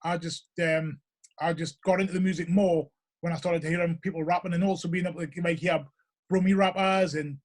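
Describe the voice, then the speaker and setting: A man's voice: fairly high pitch, steady tone, fairly quick. A man with a Geordie accent hosting a casual interview, rambling and restarting his sentences as he talks things through. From North East England. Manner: rambling, hesitant, full of restarts and "you know". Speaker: podcast host.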